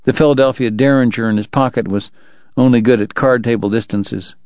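A man narrating a novel aloud for a radio book program, in a measured, dramatic delivery. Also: medium pitch, steady tone, darkish tone, dry recording, highs cut off. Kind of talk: audiobook narration.

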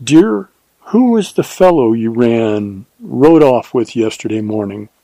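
A man reading an audiobook, voicing a devoted frontier ranger in a quiet, earnest, steady way. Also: medium pitch, slow, gravelly, no room sound, full character voice.

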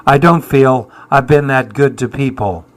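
Older man, 70s, musician guest: slow and deliberate, dry, self-mocking, reflective. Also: medium pitch. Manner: wry, self-deprecating, dry humour. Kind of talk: reflective interview answers.

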